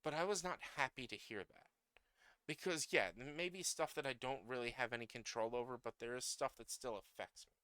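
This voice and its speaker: A fired-up man with a bright, crisp voice that sits a little high for a man. He goes on an angry, profane rant, dropping quiet and then climbing to loud outbursts. The sound is dry and close to the mic. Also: no echo. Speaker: streamer. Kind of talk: political rant.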